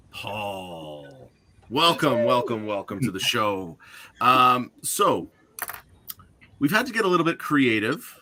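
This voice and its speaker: A man's voice: mid-range voice, pushed and bright. A man hosting an online game show, upbeat and joking, with frequent fillers.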